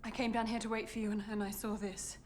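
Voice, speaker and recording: An actress playing an anxious young governess who speaks in a nervous, pleading way. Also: female voice, medium pitch, level tone, fast talker, slight background noise, natural voice.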